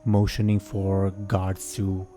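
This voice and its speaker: Low mellow game master man. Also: completely flat delivery, slow, soft background music. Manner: hesitant, many fillers and restarts, easy laughs. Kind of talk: narrating a tabletop game.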